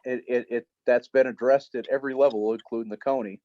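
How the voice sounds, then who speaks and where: A man's voice: medium pitch, steady tone, quick pace, no echo, highs cut off. A man, a police officer, giving a blunt, matter-of-fact report on a video call at a council meeting.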